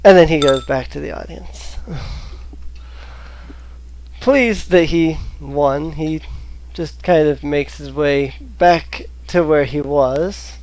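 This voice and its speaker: A game master narrating a tabletop game over voice chat, slow and hesitant with many fillers. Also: female voice, low-pitched, a little mellow. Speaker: dungeon master.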